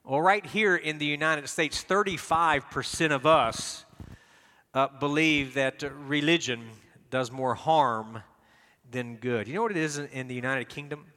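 A pastor preaches a sermon in a forceful, bright, slightly high voice at normal speed, and the large church hall gives it a long reverb. He's emphatic, repeating words as he searches for them, and leads the congregation in reading aloud.

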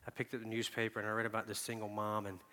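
Bright-voiced preacher in a reverberant hall. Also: male voice, on the low side, flat delivery, very fast. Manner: swings between hushed, soft asides and loud, emphatic outbursts. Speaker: pastor. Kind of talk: sermon with personal storytelling. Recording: long reverb of a large hall.

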